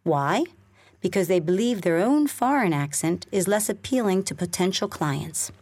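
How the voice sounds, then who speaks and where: A woman reading a scripted English listening lesson in a clear, measured way. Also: on the low side, expressive, darkish tone, dry recording. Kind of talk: scripted narration.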